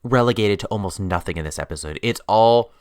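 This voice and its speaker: A man's voice: on the low side, brisk, darkish tone, no echo. A man co-hosting a podcast, picking apart a TV episode in casual chat with a dry, critical manner. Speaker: podcast co-host.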